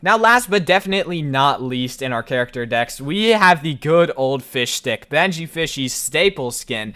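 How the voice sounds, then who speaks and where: A man with a slightly higher-pitched voice narrates a video game guide as a casual walkthrough. He keeps it chatty and talks straight to his viewers, dropping in small asides. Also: lively intonation, normal speed, bright, forceful tone. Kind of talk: casual gameplay walkthrough voice-over.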